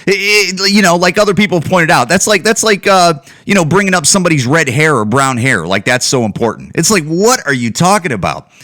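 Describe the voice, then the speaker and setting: A man's voice: fairly high pitch, big pitch swings, brisk, hardly any pauses, bright, forceful tone. A man hosting a solo podcast, ranting in heated, profane commentary full of restarts and repeated words. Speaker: podcast host.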